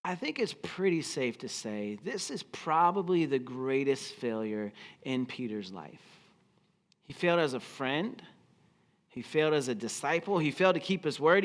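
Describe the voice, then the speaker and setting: A man's voice: a little high, a bit bright. A man preaching a sermon as pastor, telling the story expressively and acting out the quoted lines. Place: church auditorium.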